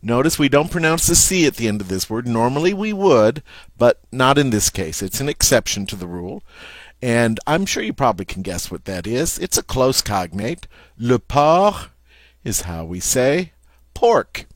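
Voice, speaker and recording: A man teaching French vocabulary, repeating each word slowly and with emphasis. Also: mid-range voice, big pitch swings, no room sound, clean studio sound. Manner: slow, careful, emphatic repetition of words. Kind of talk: vocabulary lesson.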